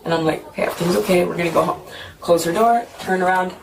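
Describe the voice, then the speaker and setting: A young woman telling a police officer what happened, talking fast and filling her story with "like" and acted-out quotes, recorded on a bodycam. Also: on the low side, creaky. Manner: fast, repeats "like", acts out quotes. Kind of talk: retelling events to an officer. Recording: noisy bodycam audio from a distance.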